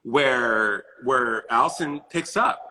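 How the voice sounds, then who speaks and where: A man hosting an interview, gushing with enthusiasm and stumbling over repeated words, with a husky voice. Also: medium pitch, slow, pushed and bright, low-quality recording. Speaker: interview host. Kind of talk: casual interview chat.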